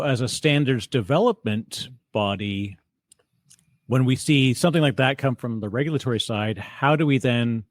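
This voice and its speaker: A man's voice: medium pitch, no room sound. Canadian-born man, dry close sound. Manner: conversational, self-deprecating humor. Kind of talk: panel discussion.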